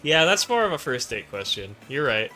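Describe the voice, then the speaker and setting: A man's voice: medium pitch, very animated, moderate pace, pushed and bright, soft background music. A man in casual comedic chat, rambling through absurd hypotheticals and laughing often.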